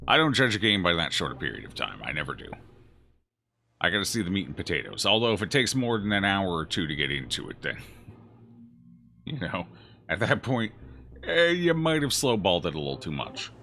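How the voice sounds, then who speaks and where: A man's voice: sits low, big pitch swings, fairly quick, bright, forceful tone, slight background noise. A man streaming a game, chatting casually and jokingly as he reacts aloud to his chat. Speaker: gaming streamer. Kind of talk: casual let's-play commentary answering chat.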